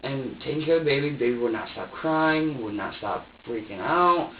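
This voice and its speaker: At a normal speed and in a mid-range voice, a young man responds to police questioning with rambling, repetitive, defensive answers. The audio comes from a far room mic in the interview room, sounding tinny and echoey with slight hiss or hum.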